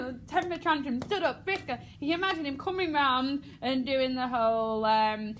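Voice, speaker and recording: English drama teacher lady acting out lines, bit high voice, noisy room. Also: normal speed, hardly any pauses. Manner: animated, acts out lines and laughs often.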